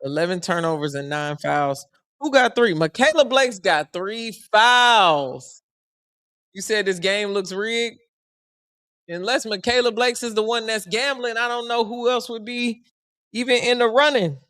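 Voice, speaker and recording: A man's voice: sits high, measured pace, dry recording, clean studio sound. A young man giving casual, joking live commentary on a basketball game. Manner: animated, joking, slangy and conversational. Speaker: sports commentary streamer.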